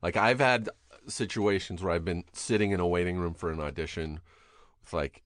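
A middle-aged man hosting a podcast, chatting casually and telling stories with animated impressions and plenty of swearing. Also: sits low, normal speed, no echo, clean studio sound. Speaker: podcast host. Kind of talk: casual chat.

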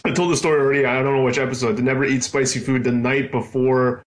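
A man's voice: medium pitch, steady tone, quick pace. A man chatting on a podcast, telling a self-deprecating story and chuckling along. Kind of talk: casual chat.

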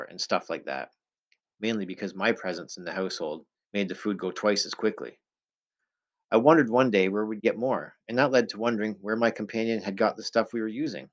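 A man reading a novel aloud in the first person, in a measured, low-key storytelling manner. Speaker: audiobook narrator.

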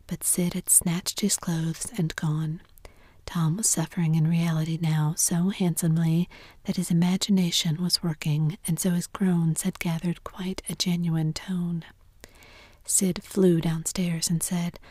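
Woman, whispered role-play storybook reading, low, husky, dry close mic. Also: level tone, no room sound. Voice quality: whispered, soft and measured. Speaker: narrator.

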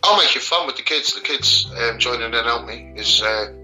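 A man with a Scouse accent, speaking as an interview guest. His voice is very bright and forward, and he talks plainly, pausing on ums. Faint music plays behind him. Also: medium pitch, animated, low-quality recording. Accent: Liverpool (Scouse). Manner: plain-spoken, hesitant with many ums. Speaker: interview guest, children's rights campaigner. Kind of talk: casual interview answers.

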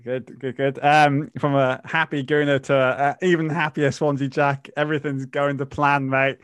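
A man's voice: mid-range voice, little pitch movement, moderate pace, a bit bright, clean tone, no echo. A man hosting a football podcast in casual chat, bantering and laughing often. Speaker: podcast host.

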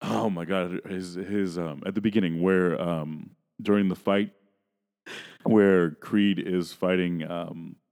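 A man co-hosting a casual movie podcast, rambling through his thoughts with many fillers. His voice is low. His mic carries a long reverb tail. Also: fairly even intonation, takes it slowly, a little mellow. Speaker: podcast co-host. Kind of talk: casual movie review chat.

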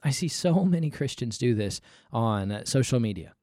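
Emphatic man, lively preaching tone. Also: medium pitch, normal speed, dry recording, clean studio sound. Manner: emphatic, exasperated, repeats himself for emphasis. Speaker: podcast host. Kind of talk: conversational Christian podcast commentary.

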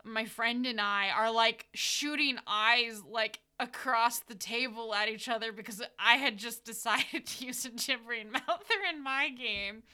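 A chatty American woman talks through her tabletop games in a loose, rambling way, laughing often as she goes. Her voice is bright and crisp, and sits a little high. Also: unhurried, hardly any pauses. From United States. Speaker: dungeon master and podcast host. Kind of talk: casual reflective podcast chat.

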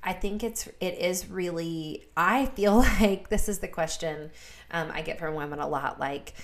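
A woman in her thirties talks with earnest conviction, leaning on repetition to press her points. Her voice sits a little low for a woman. She sounds like a guest in a relaxed faith-based podcast chat. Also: measured pace. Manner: earnest, repeats words for emphasis. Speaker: guest speaker.

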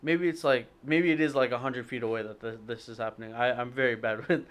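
A man's voice: medium pitch, fairly even intonation, fast, a bit bright. A young man telling a long story to friends, rambling and hesitant, with lots of fillers and self-corrections. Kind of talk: casual storytelling among friends.

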